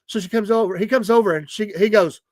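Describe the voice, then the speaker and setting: Man, middle-aged, Southern accent, chatty storyteller, laughing, slightly high voice, dry close sound. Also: fast, dry recording. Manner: animated, laughing storyteller who acts out quoted voices. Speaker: podcast host. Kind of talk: casual storytelling chat.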